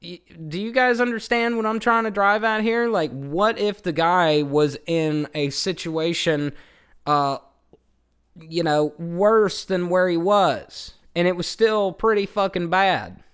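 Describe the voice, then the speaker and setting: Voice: medium pitch, slow pace, fairly bright tone, clean tone. A channel host delivering a profane, heated rant, swearing often, repeating points for emphasis and talking straight to the viewers. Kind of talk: profane old-school rant to camera.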